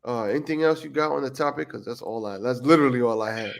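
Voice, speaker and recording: A man's voice: medium pitch, fast talker, vocal fry. Tired, rambling man podcasting late. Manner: rambling, self-mocking, swears a lot. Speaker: podcast co-host. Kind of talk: casual livestream podcast chat.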